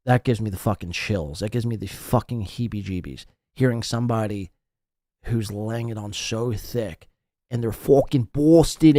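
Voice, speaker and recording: A man's voice: lowish voice, darkish tone, no room sound, clean studio sound. A man hosting a podcast, ranting with profane, incredulous reaction commentary. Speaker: podcast host.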